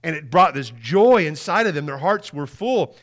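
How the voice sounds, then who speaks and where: Easter preacher, male, fairly high voice, conversational and animated, drops to a hush for key points. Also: moderate pace. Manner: animated, conversational, often repeats words and asks "right?"; swings between loud emphasis and quiet, hushed lines. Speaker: pastor. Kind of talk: Easter Sunday sermon.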